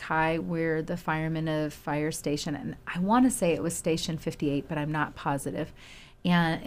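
A middle-aged woman telling a personal story in casual chat, animated and laughing often. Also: low-pitched. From Houston, Texas.

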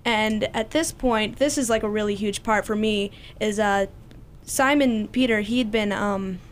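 A woman's voice: medium pitch, measured pace, slight background noise. A young woman casually retelling a Bible story in a study group, chatty with many fillers and restarts. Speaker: Bible study participant sharing a passage.

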